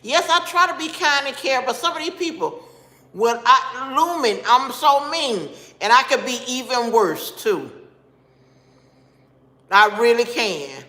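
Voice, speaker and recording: A woman's voice: fairly high pitch, expressive, a little slow, pushed and bright. A woman hosting a casual live stream, talking straight to her viewers and bluntly scolding the commenters. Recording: echoey room with long reverb.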